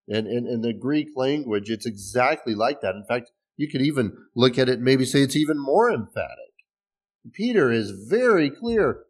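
A man's voice: mid-range voice, expressive, normal speed, slightly rough. A man preaching a sermon in a conversational way, explaining scripture with restarts and small laughs. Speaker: pastor.

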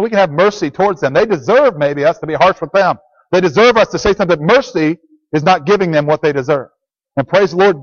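High-voiced man preaching a plain sermon. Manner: earnest, plain teaching with repeated phrases. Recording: dull lo-fi recording.

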